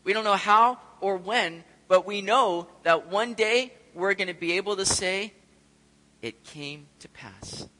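A man preaching a sermon, telling stories with animated, self-deprecating humor. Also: sits high, unhurried, few pauses. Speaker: pastor. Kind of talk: sermon with personal story. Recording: echoey hall reverb.

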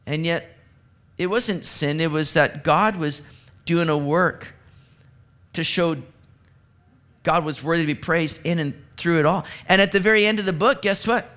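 Animated high-voiced male pastor. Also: normal speed. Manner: animated, acts out quoted voices with sudden pitch jumps. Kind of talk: sermon. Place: church sanctuary.

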